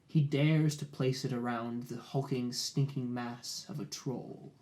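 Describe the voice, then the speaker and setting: A man's voice: steady tone, lightly acted. A man doing a shrewd barbarian chieftain. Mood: hushed scheming. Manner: low, hushed bargaining, slow and deliberate.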